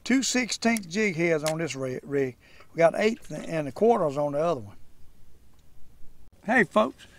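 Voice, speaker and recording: An older man giving folksy, excited fishing commentary from a boat on a lake. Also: a little high, moderate pace, dry recording. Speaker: fishing channel host.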